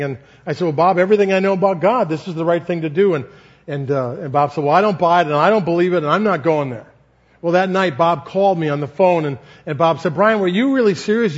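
Male preacher, high-pitched, earnest storyteller, slightly muffled recording. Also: slightly rough. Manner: storytelling, acting out dialogue, earnest. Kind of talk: sermon teaching with a personal story.

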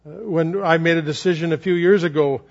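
A middle-aged man delivers a sermon in a high, animated voice, acting out children's voices as he tells his stories. The recording is dull and lo-fi. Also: a little fast. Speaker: preacher.

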